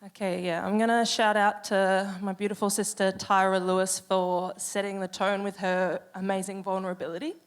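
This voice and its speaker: A woman performer on a live stage, giving warm, effusive shout-outs. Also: mid-range voice, flat delivery, normal speed, hardly any pauses, clean tone.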